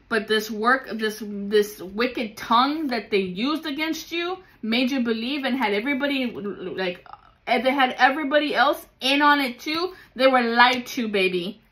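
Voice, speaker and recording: Higher-voiced woman doing a casual tarot reading, blunt and emphatic, swears a lot, calls u baby. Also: fairly bright tone. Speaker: tarot reader.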